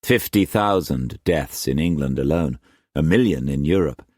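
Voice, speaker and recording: A man narrating a historical novel in a measured storytelling manner. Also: rumbling low, animated, darkish tone, no room sound, clean studio sound. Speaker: audiobook narrator. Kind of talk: scripted narration.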